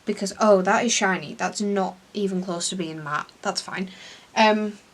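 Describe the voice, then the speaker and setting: A woman's voice: mid-range voice, moderate pace, noisy background. A young English woman vlogging at home, chatting casually and self-deprecatingly while doing her makeup. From England. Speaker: beauty vlogger.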